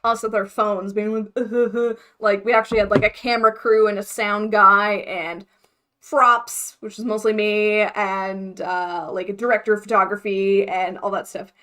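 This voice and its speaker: A young woman talks casually to a livestream chat, her voice sitting at an ordinary middle pitch. She thinks out loud in a scattered, chatty way, breaking off often to laugh. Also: level tone, measured pace. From United States. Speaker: mermaid vlogger livestreaming.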